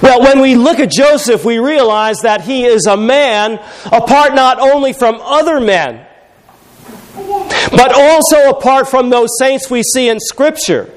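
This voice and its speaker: A man's voice: very high-pitched, expressive, measured pace, poor audio. A man preaching a sermon in a conversational, humorous storytelling way.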